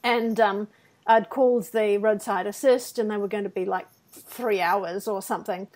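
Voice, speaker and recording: A woman's voice: mid-range voice, moderate pace. A woman co-hosting a podcast, telling personal anecdotes in casual conversation and acting out quotes. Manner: animated anecdotes with acted-out quotes and self-deprecating laughs. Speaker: podcast co-host.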